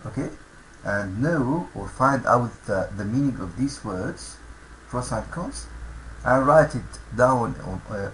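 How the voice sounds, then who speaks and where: A man's voice: mid-range voice, slight background noise, low-quality recording. A man teaching English vocabulary to schoolchildren, saying each word twice and explaining it. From Egypt. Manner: slow, repeats each word aloud for learners.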